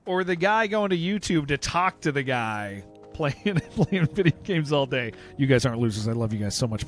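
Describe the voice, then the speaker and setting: A male game streamer talking into a desk mic, his voice a touch higher than most men's and swinging all over as he jokes. He rambles, laughs a lot and keeps tossing "dude" at his viewers. Soft music plays underneath. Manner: joking, rambling, laughs often, calls listeners "dude". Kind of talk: casual livestream chat while playing.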